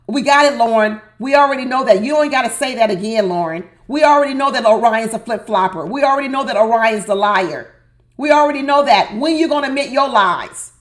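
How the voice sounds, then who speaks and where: A woman giving sassy, exasperated commentary on a reality show, hammering her points with emphatic repetition. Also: high voice. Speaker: reality TV recap host.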